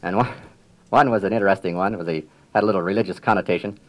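An older man with a somewhat low voice tells stories from his years as a riverboat captain. He speaks in a measured, unhurried way, with a dry sense of humor. He clears his throat often between his thoughts. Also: low-quality recording. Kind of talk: reminiscing public talk.

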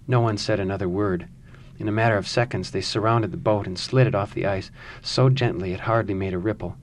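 A man, an author, speaking thoughtfully about his writing and reading his own novel aloud in a measured way. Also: lowish voice, a little hiss or hum.

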